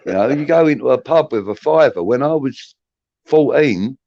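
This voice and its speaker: A man's voice: mid-range voice, animated, normal speed, darkish tone, dry recording. A man in his fifties from southeast England, telling rambling anecdotes in casual chat. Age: 50s. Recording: dry muffled lo-fi audio.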